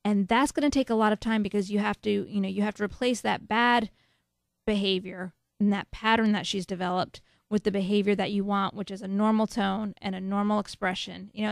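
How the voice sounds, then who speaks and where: Frank, gravelly-voiced mom giving advice. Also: female voice, mid-range voice, dry recording, clean studio sound. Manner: frank, matter-of-fact, firm. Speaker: podcast host answering listener questions. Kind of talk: casual advice talk.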